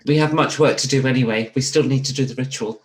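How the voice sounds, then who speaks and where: A man's voice: medium pitch, fairly even intonation, fast. A man playing a tabletop horror game, speaking in a stammering, nervous way. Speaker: player.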